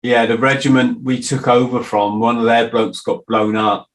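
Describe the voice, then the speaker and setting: A man's voice: mid-range voice, fairly even intonation, normal speed, rough recording. A middle-aged man hosting a podcast, talking in a loose, rambling way with restarts and the odd swear word. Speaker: podcast host. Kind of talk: casual interview chat.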